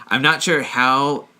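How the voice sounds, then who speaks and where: Male co-host, bright voice, casual rambling banter full of jokes and laughter. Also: mid-range voice, smooth. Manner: joking, rambling, laughs often. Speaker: podcast co-host. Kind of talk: casual chat, reading stories aloud.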